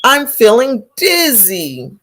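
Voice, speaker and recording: A woman voicing a sleepy, fussy little female ladybug in a storybook read-aloud, speaking in a high, whiny voice. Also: wildly swooping pitch, takes it slowly, a bit bright, heavily acted. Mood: complaining.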